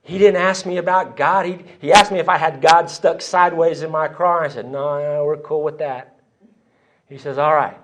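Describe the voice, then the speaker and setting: In a church hall, a Texan AA speaker tells a conference crowd the story of his recovery, performing the voices of the people he quotes. His voice is a little high and steady at a normal pace, and the recording has its highs cut off.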